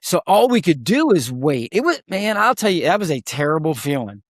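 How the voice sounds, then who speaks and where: Recorded in studio quality with no room sound, this podcast guest, a combat veteran and speaker, recounts war stories fairly quickly. His voice is on the high side and very animated, and he pushes hard on key moments, nearly shouting at times.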